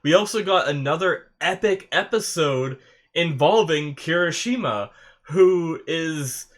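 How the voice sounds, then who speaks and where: Excitable young man reacting, slow-talking. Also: on the high side. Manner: excitable, swears, laughs, emotional outbursts. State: stuffy from crying. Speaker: anime reaction YouTuber. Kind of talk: casual reaction commentary.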